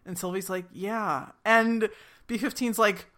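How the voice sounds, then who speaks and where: A chatty woman in her thirties walks through a TV episode with a bright, forceful voice. She slips in and out of playful quoted voices as she retells scenes, keeping things casual and quick. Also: medium pitch, steady tone. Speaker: podcast co-host recapping a TV episode. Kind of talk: casual recap chat.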